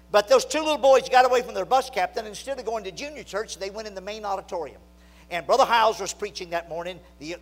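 A man preaching a sermon, telling a story that swings from loud excitement to low, hushed emphasis. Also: rough recording.

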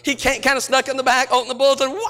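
High, bright-voiced storytelling preacher man. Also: flat delivery, rapid-fire. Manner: storytelling preacher, rising to shouted peaks. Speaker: pastor. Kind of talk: sermon.

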